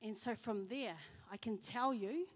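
Woman, church speaker, chatty sermon storytelling, fairly high voice, long hall reverb. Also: measured pace. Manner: chatty, animated storytelling with fillers. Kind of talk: sermon with personal stories.

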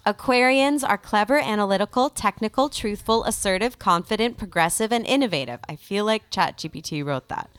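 A woman's voice: mid-range voice, animated, a little fast, hardly any pauses, a bit bright, clean tone, no echo. A woman chatting casually on a podcast, upbeat and reading out bits of trivia.

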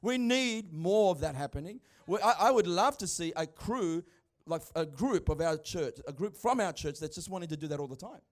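Man, middle-aged, high-pitched, emphatic conversational sermon. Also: animated, moderate pace. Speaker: pastor.

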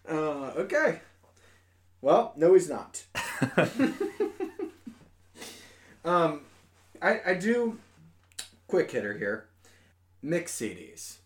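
A man's voice: on the high side, sing-song, extremely slow, pauses often. A man in his thirties co-hosting a podcast in casual chat, joking and swearing freely. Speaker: podcast co-host.

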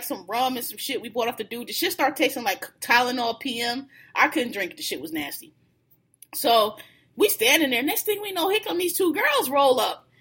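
A woman telling a story in casual chat, laughing and acting out what people said. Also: high-pitched. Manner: animated, laughing, acts out quoted lines.

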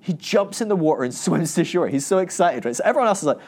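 Lively joking man teaching the Bible. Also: on the high side, fast talker. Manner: jokey, animated, acts out quotes in raised voices. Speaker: Christian teacher. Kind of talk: casual humorous Bible teaching.

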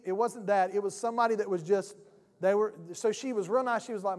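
A man's voice: high voice, fast, a little mellow. A man preaching a sermon, a pastor telling a folksy story and acting out both sides of a phone call. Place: church sanctuary. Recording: church hall reverb.

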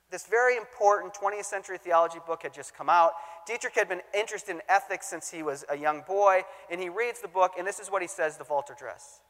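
A man and former youth pastor telling stories in a talk about theology, acting out the quotes with lively energy. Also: on the high side. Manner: animated storyteller, acts out quotes. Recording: long hall reverb.

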